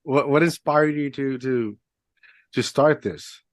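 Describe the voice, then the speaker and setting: A man's voice: mid-range voice, takes it slowly, no echo, studio quality. A man hosting a podcast interview, enthusiastic but stammering and repeating words as he asks his questions. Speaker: podcast host. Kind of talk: casual interview chat.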